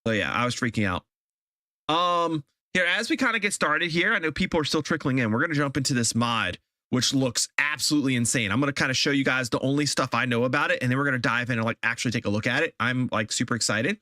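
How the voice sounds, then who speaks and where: A man's voice: mid-range voice, fast talker, bright, forceful tone, no echo, clean studio sound. A man live-streaming a game, chatting casually with viewers and ranting in exasperation, often repeating himself.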